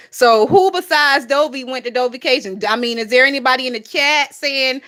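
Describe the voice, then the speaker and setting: A woman hosts a casual gossip livestream, chatty and profane, often laughing and addressing her chat. Her voice sits high, pushed and bright, at a normal speed.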